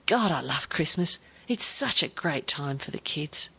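A woman's voice: low voice, expressive, moderate pace, vocal fry, pushed and bright, breathy edge, exaggerated voice. A woman voicing a cheerful, hearty middle-aged husband.

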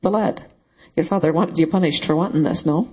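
A man's voice: on the high side, a little fast, darkish tone, slightly rough. A man reading an audiobook and voicing a blunt, guilt-ridden man. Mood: awkward. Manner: blunt, awkward.

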